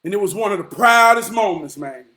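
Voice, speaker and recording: A man in his forties giving an impassioned, profane motivational monologue, dropping to hushed murmurs and then rising to shouts. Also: high-pitched, expressive, fairly quick. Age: 40s. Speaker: motivational vlogger.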